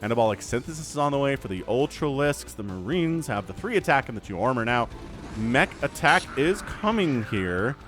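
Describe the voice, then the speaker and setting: A man casting a real-time strategy match solo, with an excitable, jokey delivery. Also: medium pitch, moderate pace, soft background music. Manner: animated, excitable, jokey asides. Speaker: esports caster. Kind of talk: solo game commentary.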